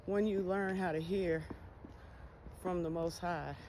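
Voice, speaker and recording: A woman's voice: lowish voice, fairly even intonation, slow, warm tone. A woman giving a candid personal monologue, blunt and full of cursing as she talks about faith. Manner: blunt, heavy cursing, spiritual talk. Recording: noisy background hiss.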